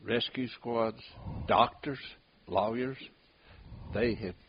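The audio is dull lo-fi with hiss, capturing an older bloodhound tracker telling folksy stories in casual talk and chuckling at them himself. He takes it slowly, with a medium pitch and steady tone.

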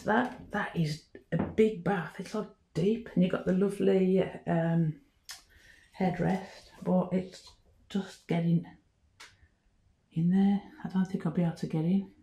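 On a casual house tour recorded on her phone, a woman speaks in a mellow, mid-range voice. She is chatty and admiring of each room, talks slowly with um-filled pauses and is frequently out of breath.

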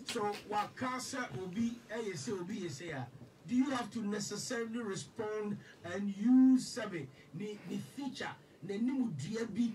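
A man's voice: sits high, normal speed. A Ghanaian man interviewing, asking probing questions in English and Twi. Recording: distant mic with faint noise.

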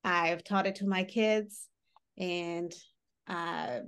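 A woman's voice: fairly low pitch, fairly even intonation, very slow, fairly bright tone, clear, resonant tone. A middle-aged woman giving a workshop talk in a conversational teaching style, explaining with everyday examples and often checking in with the audience. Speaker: workshop trainer.

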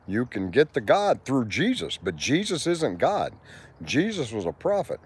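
A man's voice: mid-range voice, wildly swooping pitch, measured pace, slightly rough. Profane older man preaching in a park. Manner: preachy, profane, talks to viewers and passers-by. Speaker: livestreamer. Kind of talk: rambling outdoor live stream. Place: outdoor park.

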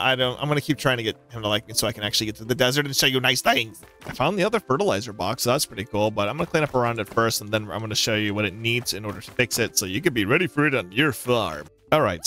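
A man doing a gaming let's play, chattering to himself with jokey, excitable commentary. His voice sits at a middling pitch, with faint music running underneath. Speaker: gaming channel host.

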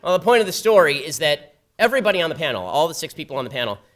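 Fast-talking sardonic man, higher voice. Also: very animated, a bit bright. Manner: rapid, sardonic storytelling. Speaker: guest speaker at a campus event. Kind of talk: public talk with a told anecdote. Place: university event before a live audience.

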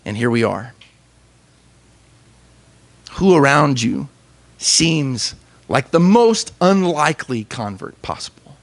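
A young man, a pastor, giving an earnest sermon with emphatic pauses. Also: medium pitch, sing-song, gravelly.

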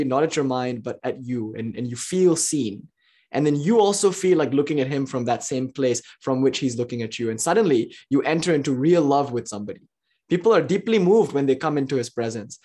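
A spiritual teacher giving a philosophy lecture, telling stories with frequent laughs and swinging between excited exclamations and hushed asides. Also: mid-range voice. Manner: animated, enthusiastic storytelling with frequent laughs.

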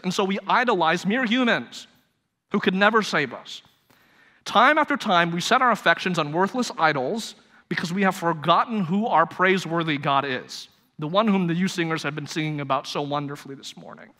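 A man's voice: high voice, pushed and bright. A male pastor preaching a live sermon, telling a story and pressing his points with rhetorical emphasis. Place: church sanctuary, live service. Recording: reverberant church hall.

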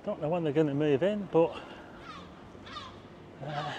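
A man's voice: fairly high pitch, a little slow, dull audio, noisy background. A man giving a chatty, rambling walking-tour commentary outdoors at night, pointing things out to his viewers. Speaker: vlogger. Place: outdoors, car park roof and town streets at night.

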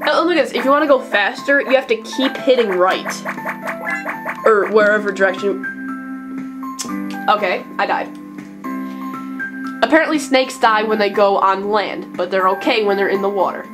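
A woman's voice: medium pitch, moderate pace, long pauses. A woman reviewing video games in casual commentary, exasperated and sarcastic, laughing in disbelief at what she plays. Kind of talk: casual commentary over gameplay. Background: game music.

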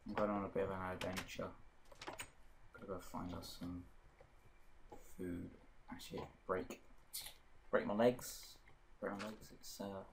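A man's voice: sits low, flat delivery, unhurried, vocal fry, long pauses, a little hiss or hum. A man chatting casually while playing a game, easily startled and shrieking at monsters. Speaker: gamer co-host. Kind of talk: casual let's-play chat.

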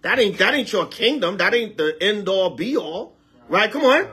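A man, an elder, preaching to a congregation in a casual, animated way, trading call-and-response with the group and repeating lines for emphasis. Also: sits high, moderate pace, slightly rough.

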